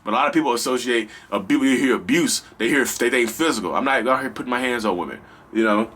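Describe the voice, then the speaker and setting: A man hosting a casual advice vlog, talking straight to his viewers in an animated, slangy, rambling way. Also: mid-range voice, fast. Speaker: vlog host.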